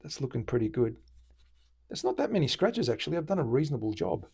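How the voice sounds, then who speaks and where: Gravelly Australian luthier talking shop. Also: male voice, medium pitch, fast. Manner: relaxed, chatty, explains while working. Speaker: luthier host. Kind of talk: casual live-stream demonstration.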